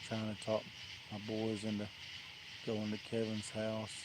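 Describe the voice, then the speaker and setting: A man's voice: lowish voice, monotone, unhurried. Laid-back man chatting outdoors at night. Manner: easygoing, laughs often, tells funny stories. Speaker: fishing livestream host. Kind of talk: casual live-stream chat. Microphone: camera on a tripod. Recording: outdoor night noise clearly audible.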